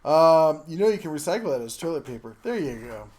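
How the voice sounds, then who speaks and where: Halting, higher-voiced man hosting a tool stream. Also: very animated, a little mellow. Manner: rambling, halting, with many fillers and restarts. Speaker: host of a live tool show. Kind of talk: casual live-stream chat reading viewer comments.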